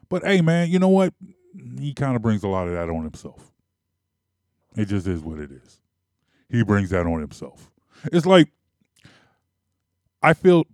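A man's voice: medium pitch, darkish tone, no room sound, studio quality. A man delivering an emphatic, argumentative sports opinion monologue. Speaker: sports commentator.

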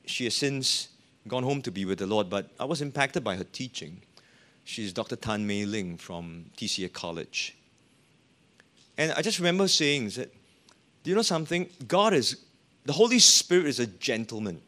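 A man's voice: medium pitch, pushed and bright. A man preaching a sermon as a pastor, with an emphatic, rising and falling delivery.

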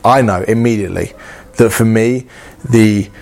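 A man's voice: lowish voice, fairly even intonation, normal speed, creaky, darkish tone. A man preaching a sermon in an earnest, conversational way, often acting out inner dialogue and repeating phrases.

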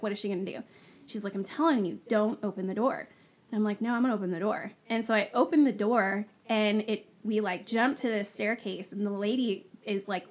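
A woman, a guest on the show, telling her personal story in a casual, animated way, acting out the dialogue she quotes. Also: mid-range voice. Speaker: guest sharing her testimony.

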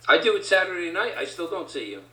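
A man hosting as a pastor, giving quiet, short replies in casual chat. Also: sits high, big pitch swings, fast talker, poor audio. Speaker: pastor host.

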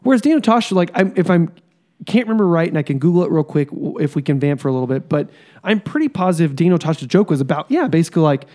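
A man co-hosting a casual podcast chat, ranting in a profane, animated way. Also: fairly high pitch, fast. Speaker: podcast co-host.

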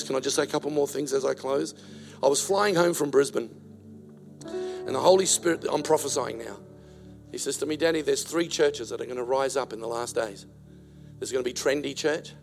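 An older male pastor from Australia delivers a sermon in a gravelly voice. He strings rhyming phrases into a rolling cadence and drops into storytelling asides. Faint instrumental music sits under his voice. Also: medium pitch. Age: 60s.

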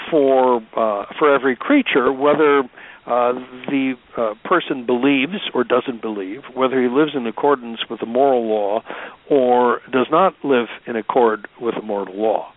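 A man speaks as a priest in a halting, indignant way, stumbling through restarts. His voice has a narrow, tinny tone, like a phone call. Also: mid-range voice. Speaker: priest and co-host. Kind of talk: conversational religious commentary.

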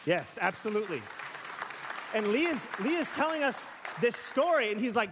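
A man with a notably high voice delivers a sermon in a relaxed, conversational way. He asks the congregation questions and acts out everyday examples. The sound carries a long hall reverb. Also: normal speed, breathy edge, a faint crowd. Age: young adult to middle-aged. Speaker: pastor. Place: church sanctuary.

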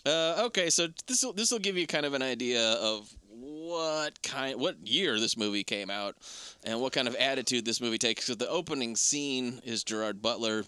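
A man's voice: medium pitch, animated, normal speed, sharp tone, clean tone, dry recording. A man co-hosting a movie podcast, talking in a loose, rambling way with frequent restarts. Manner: rambling, many restarts and impressions. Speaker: podcast co-host. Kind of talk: casual film chat.

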